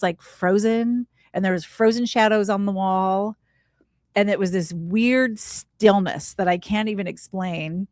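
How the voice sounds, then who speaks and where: A woman's voice: mid-range voice, dry recording, studio quality. A woman as a podcast guest, telling a heartfelt personal story in a casual, earnest, reflective way, often saying "like". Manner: casual, earnest, leans on "like" while recounting; spiritual, reflective tone.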